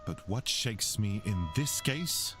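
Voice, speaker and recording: An actor playing a grave, reserved gentleman in a game, speaking with a French accent in a measured way. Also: on the low side, expressive, loud music behind the voice. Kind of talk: game voice acting.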